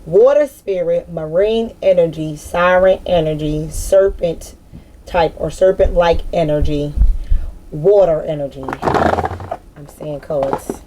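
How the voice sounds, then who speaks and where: A woman giving a casual spiritual card reading to her viewers, rambling, excitable and full of slang, breaking into loud laughter. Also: sits low, slow, a little hiss or hum, low-quality recording. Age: adult with a daughter. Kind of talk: casual tarot-style collective reading.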